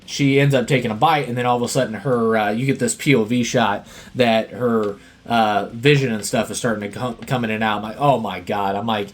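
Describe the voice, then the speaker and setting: A man's voice: lowish voice, steady tone, brisk. A man hosting a casual movie podcast, retelling scenes in a rambling way full of fillers and laughs. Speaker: podcast host.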